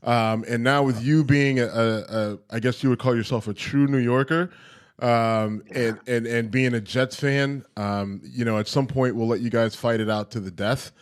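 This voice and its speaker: A man co-hosting a casual podcast, speaking haltingly with many ums and uhs. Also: medium pitch, fairly even intonation, clean tone. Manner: halting, heavy with fillers. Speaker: podcast co-host. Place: home podcast studio.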